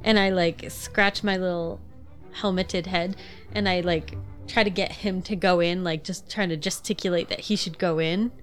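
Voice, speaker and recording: A woman's voice: fairly low pitch, fairly even intonation, normal speed, soft background music. Hesitant woman describing her moves. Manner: hesitant, filler-heavy. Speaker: player. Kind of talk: casual tabletop game chat.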